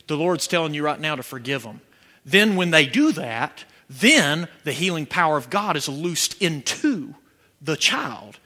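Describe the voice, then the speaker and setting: A man from preaching a sermon, telling stories with animation and breaking into shouts. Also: high voice. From Georgia, USA. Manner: animated storytelling, bursts into shouting.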